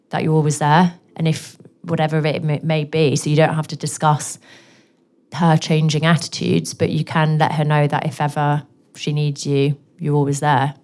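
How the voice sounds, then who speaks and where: Her voice is low and slightly mellow. Originally from Northeast England but speaking with a posh southern English accent, she is a guest author at a live bookshop event, answering audience questions candidly. She comes across as chatty and frank, sprinkling in plenty of self-deprecating asides.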